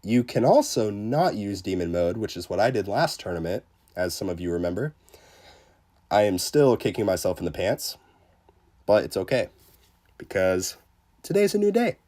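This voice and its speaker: A man's voice: lowish voice, normal speed, long pauses. A man streaming a game live, chatting casually with many fillers, greeting viewers and poking fun at himself. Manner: self-deprecating and excitable. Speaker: livestreamer. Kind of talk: casual live gameplay commentary.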